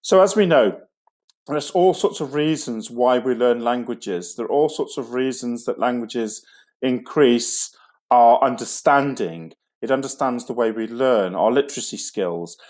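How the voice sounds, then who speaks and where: A man's voice: mid-range voice, measured pace, darkish tone. A man giving an online school assembly talk, chatty and rambling with frequent fillers and restarts.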